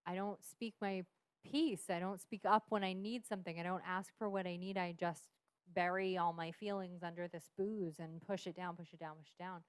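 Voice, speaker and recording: A woman's voice: lowish voice, fairly even intonation, moderate pace, clear, resonant tone, no echo. A woman in her thirties, a podcast guest, frankly telling a personal story with frequent swearing and laughter. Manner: frank, profane, laughs often. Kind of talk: candid storytelling.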